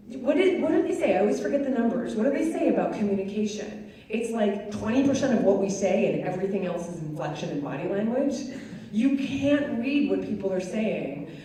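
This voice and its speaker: A woman's voice: fairly high pitch, dark tone. Woman speaking in an echoey hall. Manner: chatty, conversational, many fillers. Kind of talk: live talk with audience questions. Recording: echoey hall, distant mic, faint noise.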